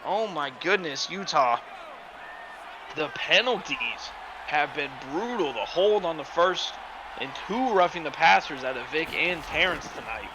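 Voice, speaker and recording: A man doing play-by-play commentary for a simulated football game, excitable and bursting into shouts on big plays, his home microphone distorting when he yells. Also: a little high, measured pace. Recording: loud game crowd and noise underneath. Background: stadium crowd sound from the game.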